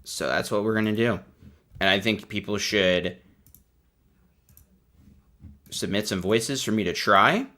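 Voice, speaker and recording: A man's voice: on the low side, moderate pace, pushed and bright. A man hosting a livestream, giving sarcastic, rambling commentary in a casual chat. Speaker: host.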